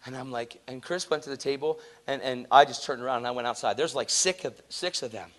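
A man preaching a sermon, telling a story in an animated, earnest, conversational way and acting out the people in it. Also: mid-range voice, quick pace.

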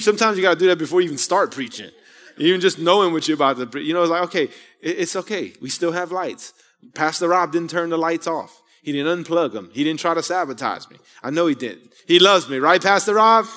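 Chatty pastor in a reverberant church. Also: male voice, on the high side, bright, forceful tone. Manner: conversational, rambling with asides and rhetorical questions. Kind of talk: sermon. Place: church sanctuary.

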